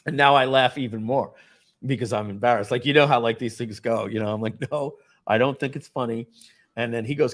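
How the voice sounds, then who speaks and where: Animated man telling a story. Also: medium pitch, brisk. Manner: animated storytelling, acts out quoted voices. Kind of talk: casual anecdote.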